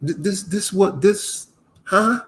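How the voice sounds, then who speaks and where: A man's voice: high voice, takes it slowly, a bit bright. A man ranting casually to his viewers, exasperated and preachy, often restarting his words. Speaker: commentator. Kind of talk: casual rant to camera.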